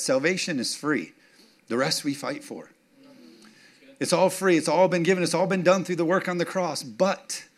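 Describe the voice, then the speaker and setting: A man preaching a sermon, building to emphatic declarations and asking the congregation again and again if they are with him. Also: medium pitch. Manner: call-and-response, keeps checking in with the congregation; rises to emphatic, punchy declarations. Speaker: pastor.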